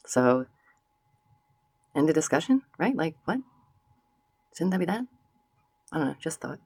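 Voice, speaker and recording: A woman's voice: low voice, big pitch swings, measured pace, pauses often, darkish tone, husky, dry recording. A woman vlogger giving sassy casual commentary straight to her viewers, slipping into mocking voices.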